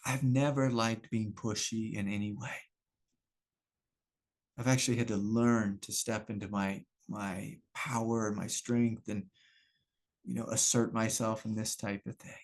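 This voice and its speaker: A man's voice: fairly low pitch, flat delivery, a little slow. A middle-aged man giving a satsang talk as a spiritual teacher, candid and self-reflective, laughing often and repeating phrases. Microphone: video call.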